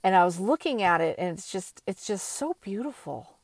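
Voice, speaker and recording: An older woman talking slowly and thoughtfully in a reflective personal monologue, with many pauses and fillers. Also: medium pitch, animated, husky, no echo.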